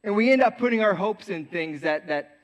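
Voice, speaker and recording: A man's voice: sits high, fairly quick. A young man giving a youth sermon. He jokes with the crowd and tells a story, acting out the voices in it. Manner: lively, joking with the crowd, acts out voices in his story. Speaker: youth pastor. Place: church youth service before an audience.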